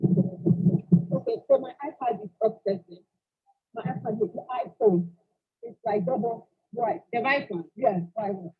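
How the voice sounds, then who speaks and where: Husky woman on a dull lo-fi recording. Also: on the high side, wildly swooping pitch, a little slow, pauses often. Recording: dull lo-fi sound.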